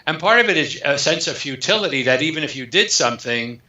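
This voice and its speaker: Brief: male author guest, bright tone, lively storyteller who acts out dialogue, echoey and dull recording. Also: on the high side, quick pace. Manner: animated storyteller acting out dialogue. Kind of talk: storytelling interview.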